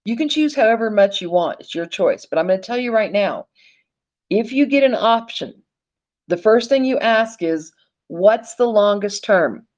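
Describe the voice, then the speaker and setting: A woman presenting an animated teaching monologue, speaking emphatically, calling listeners "folks" and swearing casually. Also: mid-range voice, normal speed, highs cut off. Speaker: online presenter.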